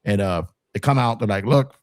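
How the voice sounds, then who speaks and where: A man telling a profane, animated story in casual podcast talk. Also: fairly low pitch, a little fast, dry recording, studio quality. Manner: animated, profane, acts out quotes. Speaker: podcast co-host.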